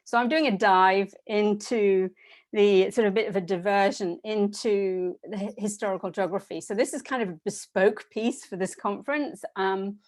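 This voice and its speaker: A woman researcher giving a conference talk over a video call, in a conversational, lightly joking way. Her voice sits at a middle pitch. The sound is dry and close. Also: moderate pace, dry recording. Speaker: geography researcher and panelist. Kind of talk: academic presentation. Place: home office on a video call. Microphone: computer mic on a video call.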